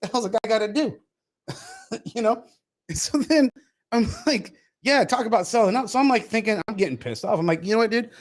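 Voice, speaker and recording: A man's voice: high voice, animated, normal speed, long pauses. A man hosting a podcast, ranting in a heated, profane, casual way. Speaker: podcast host. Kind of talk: casual chat.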